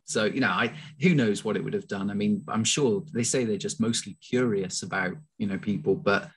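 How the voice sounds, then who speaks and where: A man's voice: on the low side, brisk, husky. A man being interviewed as a guest, telling a story with quoted dialogue over a video call. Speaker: guest naturalist and tour leader.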